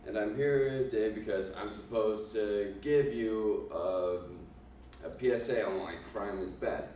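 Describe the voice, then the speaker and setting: Man playing a cocky 1920s gangster boss, put-on Italian accent, halting with ums, deep voice, distant. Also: mellow, slight background noise, lightly acted. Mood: boastful. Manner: halting, with many ums and uhs. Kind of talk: in-character class presentation. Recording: echoey room from far off.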